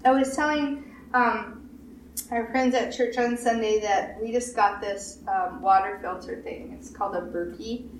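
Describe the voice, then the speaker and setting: A woman pastor giving a sermon, with emphatic repetition and quick acted-out quotes. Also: fairly high pitch, steady tone. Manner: repetitive emphatic preaching, acts out quoted voices. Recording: roomy echo, distant mic, faint hiss.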